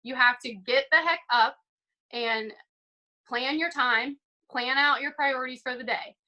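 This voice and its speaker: A woman's voice: high voice, measured pace, bright, forceful tone, rough recording. A young woman giving an upbeat, chatty motivational talk on a video call, full of "like" and "um". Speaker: team call speaker.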